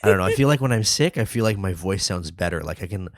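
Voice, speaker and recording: A man's voice: low voice, expressive, fast, no echo, clean studio sound. A man hosting a podcast in casual chat, easygoing and self-deprecating, with a somewhat nasal voice. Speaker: podcast host.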